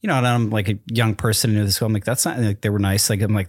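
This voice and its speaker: A man's voice: on the low side, steady tone, rapid-fire, few pauses, dry recording, studio quality. A man who trained as an actor, chatting casually and rambling with lots of "like" fillers. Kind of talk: casual chat.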